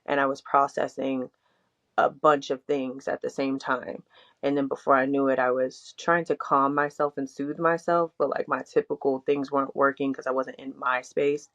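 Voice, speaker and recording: A woman's voice: a bass voice, little pitch movement, moderate pace, fairly bright tone. A young adult woman co-hosting a podcast, talking candidly in a rambling way, full of "like" and frank swearing. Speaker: podcast co-host. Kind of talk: candid casual chat. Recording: dull lo-fi audio.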